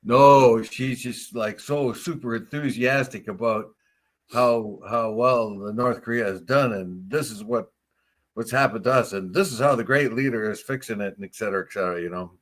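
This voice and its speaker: A man's voice: mid-range voice, normal speed. A man co-hosting a casual morning talk show, joking around and repeating words as he talks.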